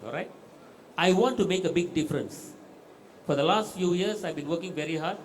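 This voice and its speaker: A man's voice: high-pitched, a little fast, a little hiss or hum, poor audio. A Malaysian man in his fifties, a government agency official, giving an off-the-cuff keynote and often asking the audience if he is right. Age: 50s. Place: exhibition hall.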